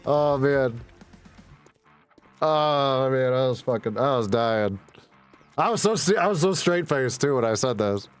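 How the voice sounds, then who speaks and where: A man's voice: medium pitch, lively intonation, unhurried, long pauses, clean tone, soft background music. Blunt, swearing young man telling stories. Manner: blunt, profane, laughs often. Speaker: gaming streamer. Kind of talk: casual storytelling while gaming.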